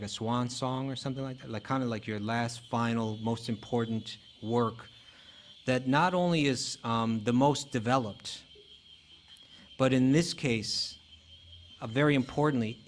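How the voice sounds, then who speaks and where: A man giving a relaxed, conversational spiritual talk, with frequent fillers and restarts. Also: medium pitch, slight background noise. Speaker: spiritual teacher. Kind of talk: casual lecture.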